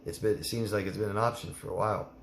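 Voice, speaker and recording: A man's voice: fairly low pitch, steady tone, quick pace, creaky, roomy sound, a little hiss or hum. A man coaching a listener in a live Q&A, blunt and emphatic, repeating her name as he gives advice. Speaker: life coach.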